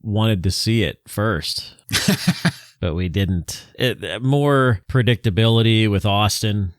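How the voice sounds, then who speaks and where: Lower-voiced laid-back podcast co-host, man. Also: slow pace, no room sound, studio quality. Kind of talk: casual podcast chat.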